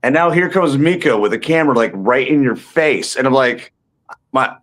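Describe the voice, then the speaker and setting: A man's voice of medium pitch, a working comedian and actor telling an interviewer loose, funny stories about a film set. His talk wanders, with plenty of "uh" and restarted sentences as he builds each joke. He sounds casual and self-mocking throughout. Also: lively intonation, moderate pace, a bit bright. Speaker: guest actor and stand-up comedian. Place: indoors, tucked in somewhere warm.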